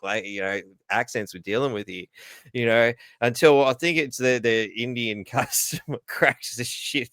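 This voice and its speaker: A man's voice: medium pitch, normal speed, sharp tone, no echo. A man co-hosting a podcast, telling crude stories in casual banter and laughing through them. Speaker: podcast co-host. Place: podcast studio.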